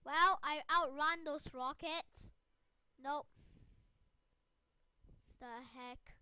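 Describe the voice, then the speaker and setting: A young woman giving let's play commentary, exasperated, often breaking into cries and shouts of frustration. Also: high voice, drawn-out words. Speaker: gaming video creator.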